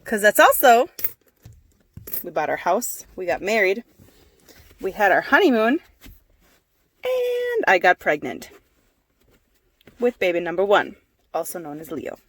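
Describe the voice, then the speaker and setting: A woman's voice: mid-range voice, sing-song, normal speed, pauses often. A woman in her twenties, chatty and self-mocking, telling a casual story about her own life for a vlog. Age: 20s. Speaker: vlogger.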